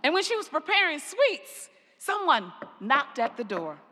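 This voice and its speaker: An older woman pastor preaching a sermon, telling stories slowly and deliberately, her phrase endings trailing off softly. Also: high-pitched, sing-song. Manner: slow, deliberate storytelling with soft trailing endings. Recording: long reverb of a large hall.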